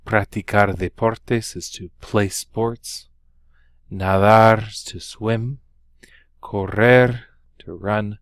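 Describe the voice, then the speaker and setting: Slow and fairly even in intonation, a man's voice on the low side guides listeners through a recorded Spanish lesson. He's unhurried, peppered with ums and uhs, and carefully pronounces example words. It's studio quality with no echo.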